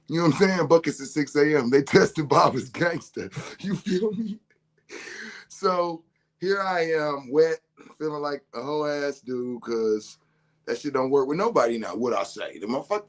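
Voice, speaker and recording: Laughing, animated storytelling dad. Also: male voice, fairly high pitch, moderate pace. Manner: animated, laughing through his words, swearing freely. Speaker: father telling a story. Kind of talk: casual storytelling to camera.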